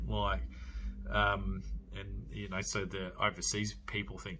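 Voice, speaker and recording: Bright-voiced Australian man reviewing films. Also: fairly low pitch, level tone, a little slow, a little hiss or hum. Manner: rambling, many fillers and restarts, chuckles. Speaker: podcast host reviewing films. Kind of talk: casual solo review.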